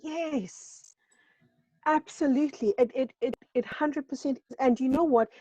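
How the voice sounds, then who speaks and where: A woman's voice: sits high, unhurried, mellow, no room sound, poor audio. A woman from South Africa talking on a video call, emphatic and repeating phrases for stress. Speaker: show co-host. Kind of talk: casual video-call chat. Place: home in a seaside village.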